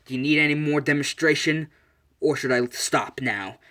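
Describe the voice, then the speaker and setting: A man's voice: a little high, normal speed, bright, forceful tone. A man voicing a cocky young demon who jokes sarcastically. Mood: smug. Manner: smug and sarcastic.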